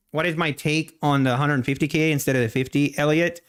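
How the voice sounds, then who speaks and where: A man hosting a live day-trading stream, talking casually and haltingly, often restarting and clearing his throat. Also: a little high. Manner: slow, halting, many restarts, answers chat. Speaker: livestream day-trading host. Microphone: desk mic.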